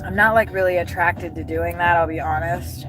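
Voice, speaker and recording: A woman's voice: fairly low pitch, fairly even intonation, moderate pace. A woman chatting and rambling to her livestream viewers from her car while driving deliveries, swearing and thinking aloud. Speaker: delivery driver vlogger. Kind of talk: casual livestream chat. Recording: music loud behind voice.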